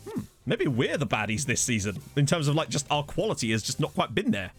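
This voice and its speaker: Brisk and a little high, this young gaming channel host's voice swings hugely in pitch as he jokes his way through a football management game. It's chatty let's-play commentary on a desktop studio mic, full of reactions to the match, with the game's music faint in the background.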